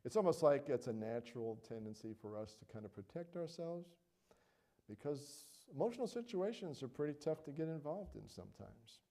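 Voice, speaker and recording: Middle-aged male pastor, warm low-key tone, earnest sermon full of check-ins. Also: big pitch swings, a little fast. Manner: earnest, conversational, frequent "all right?" and "you know".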